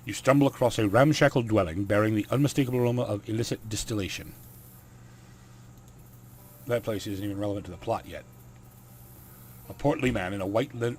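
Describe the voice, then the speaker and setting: A man's voice: on the low side, darkish tone, a little hiss or hum. A man hosting a let's play, reading game text aloud with wry asides.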